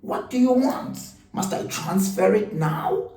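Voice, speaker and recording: A man's voice: sits high, lively intonation, slow, dark tone, voice pushed up. A man imitating a father who talks to his wife in a stilted, over-formal way, as if he were on camera. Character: stiff polite father on phone to wife. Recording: roomy room, mic at a distance.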